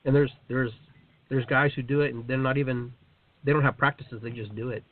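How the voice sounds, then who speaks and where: A man's voice: medium pitch, steady tone, a little fast, no echo. A man hosting a casual spiritual discussion, musing aloud and often repeating words while he thinks. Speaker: host. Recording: tinny phone-like line, faint hiss.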